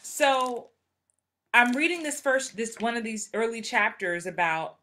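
A woman in her forties, an acting coach giving a casual live motivational talk and acting out voices she quotes. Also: medium pitch. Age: 40s. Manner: animated, acts out quoted voices.

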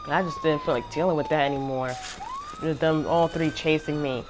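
Gaming host, female, low-ish voice, chatty and rambling gameplay commentary. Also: huge pitch swings, moderate pace, background noise. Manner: chatty, exasperated, rambling with fillers.

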